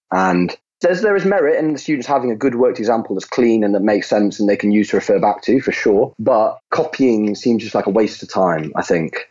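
Husky man chatting about teaching. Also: lowish voice, a little mellow. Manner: chatty, lots of "like", acts out classroom quotes. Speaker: maths teacher, guest. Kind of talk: casual interview chat. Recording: muffled lo-fi audio.

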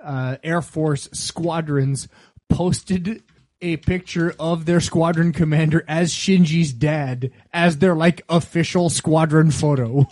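A man's voice: a little high, fairly even intonation, takes it slowly, a little mellow, no room sound. A man co-hosting a podcast, chatting casually and playfully like an eager fan. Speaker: podcast co-host. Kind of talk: casual chat.

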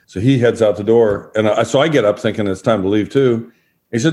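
A middle-aged man with a fairly low voice tells long, relaxed stories as a guest on a talk show. He slips into quoted voices of the people in his anecdotes. His pacing is easygoing and conversational. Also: a little fast. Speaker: guest, former sports broadcaster. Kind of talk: storytelling in a podcast interview.

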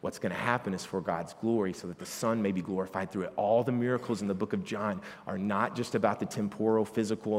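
Male pastor, low voice, conversational Bible teaching with emphatic peaks, reverberant church hall. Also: darkish tone. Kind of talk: sermon.

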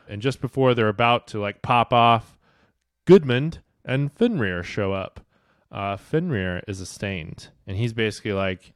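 Man podcast co-host, casual book recap, laid-back, laughs a lot, swears; lowish voice, dry mic. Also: lively intonation, normal speed, clear, resonant tone, dry recording.

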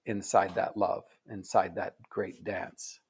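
A man being interviewed as an author, speaking in a soft, earnest, reflective way that often trails off quietly. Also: sits low, level tone, slow, breathy edge. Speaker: author guest. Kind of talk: reflective conversation. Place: Oregon.

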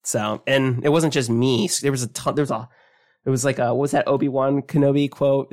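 A man co-hosting a tabletop gaming podcast, talking in a casual and animated way, often trailing off and restarting his sentences. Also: medium pitch, a little fast. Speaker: podcast co-host.

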